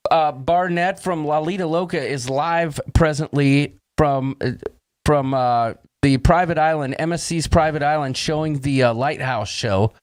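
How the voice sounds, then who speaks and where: A man's voice: on the high side, unhurried. A man hosting a casual livestream chat, jokey and upbeat, reading out viewers' names and throwing in puns. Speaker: host.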